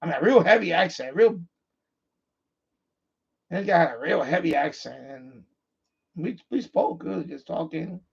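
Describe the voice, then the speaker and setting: A man's voice: a little high, animated, moderate pace, vocal fry, pauses often, slightly rough, lo-fi sound. A man hosting an amateur radio livestream, chatting casually and rambling, often restarting and repeating himself. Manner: repetitive, restarts sentences often.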